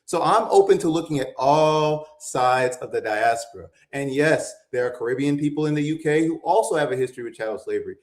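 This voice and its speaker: A man's voice: on the high side, expressive, a little fast, hardly any pauses, echoey room. A man co-hosting a morning talk show, arguing his point insistently and rising to emphatic peaks. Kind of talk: heated debate on a talk show.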